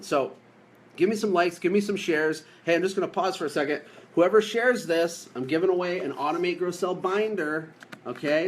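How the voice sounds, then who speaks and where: A man from the United States giving an energetic, jokey coaching talk on a live stream, repeating his key points for emphasis. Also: fairly high pitch, a little hiss or hum. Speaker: business coach.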